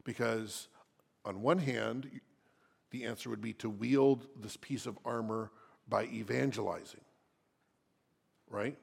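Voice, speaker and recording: A male pastor preaching an expository sermon. He reads scripture aloud and asks the congregation questions, speaking slowly and deliberately. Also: mid-range voice, steady tone, vocal fry, husky.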